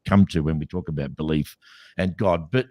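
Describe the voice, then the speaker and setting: A man's voice: rumbling low, moderate pace, a little mellow, no echo. A man co-hosting a podcast, talking skeptically in a casual debate with many restarts. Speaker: podcast co-host.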